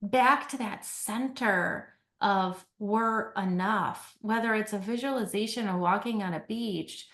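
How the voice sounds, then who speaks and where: A woman's voice: medium pitch, measured pace, few pauses, fairly bright tone. A woman guest on a podcast who talks about healing in a reflective, earnest way, often checking in with a questioning "right?". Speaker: podcast guest, company CEO. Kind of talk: conversational podcast interview.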